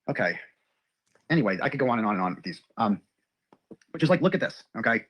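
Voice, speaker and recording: A man's voice: medium pitch, big pitch swings, fast, long pauses, slightly rough, lo-fi sound. A man in a ranting monologue, profanely reading his ex's messages aloud and picking them apart.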